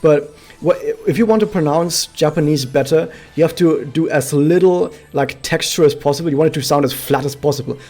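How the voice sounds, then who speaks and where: A man's voice: on the high side, fairly quick, darkish tone, soft background music. A man streaming a game, chatting casually to his viewers and explaining things with many fillers. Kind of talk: casual gameplay commentary to chat.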